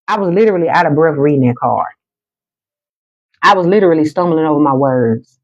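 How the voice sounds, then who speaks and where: Deep-voiced woman, livestream spiritual reader, emphatic and repetitive, muffled lo-fi audio. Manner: emphatic and repetitive, slows down for calming affirmations. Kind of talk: motivational livestream chat. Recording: dull lo-fi sound.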